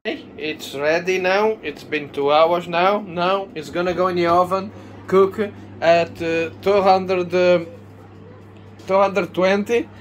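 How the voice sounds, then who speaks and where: This man, a native Portuguese speaker from Madeira, hosts a casual home cooking video with plenty of enthusiasm, often tacking on a questioning "eh?". His voice sits high with fairly even intonation and a slow pace, and there's a little hiss or hum in the background.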